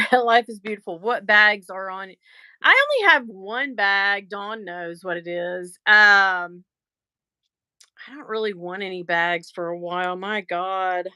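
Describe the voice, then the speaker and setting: A woman's voice: mid-range voice, unhurried, pushed and bright, clear, resonant tone. A middle-aged woman chatting casually on her livestream, rambling and exasperated as she talks to her viewers. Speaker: livestream host.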